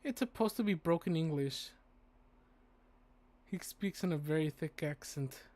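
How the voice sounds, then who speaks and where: Sex: male. Role: cursing game streamer. Pace: slow, halting. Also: fairly high pitch, expressive, a little mellow. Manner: profane, stumbling through read text. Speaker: streamer playing a visual novel. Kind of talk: casual game commentary, reading aloud. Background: faint game music.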